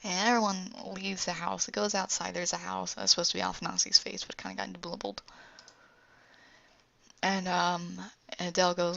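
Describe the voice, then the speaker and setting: A woman talks through her animation pitch scene by scene in a low, gravelly voice with some fry. She rambles and drops in asides. The recording is dull and lo-fi. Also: flat delivery, moderate pace, fairly bright tone. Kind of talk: casual scene-by-scene narration.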